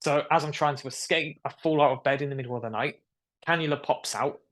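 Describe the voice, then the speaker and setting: Speaking at a quick pace in a slightly high voice, a young man tells a video-call interviewer about his surgery. He's an animated storyteller, performing the quoted voices of everyone in the tale, and the conversation stays casual.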